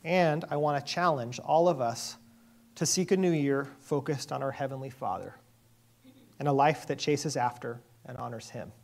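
A male pastor delivering a sermon in an earnest, measured voice. He sits at an ordinary middle pitch and leans on pauses for emphasis. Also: vocal fry.

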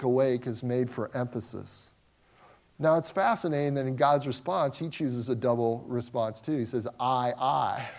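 A man with a slightly higher voice gives a verse-by-verse Bible lesson. He speaks earnestly and often stumbles into repeated words and restarts as he explains. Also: a little mellow. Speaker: Bible teacher.

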